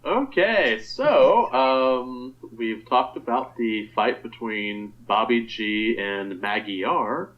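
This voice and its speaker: A man on a casual podcast with a very animated, sing-song pitch, cracking jokes and throwing in showman-style flourishes. The audio sounds a little tinny and dull. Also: takes it slowly, hardly any pauses. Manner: joking, mock-announcer flourishes. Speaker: podcast co-host and editor. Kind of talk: casual chat.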